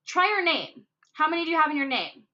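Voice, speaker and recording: A woman explaining a poetry lesson in an upbeat way, counting out syllables slowly and stressing each word. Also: high voice, big pitch swings, sharp tone, slight background noise. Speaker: teacher. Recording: dull lo-fi recording.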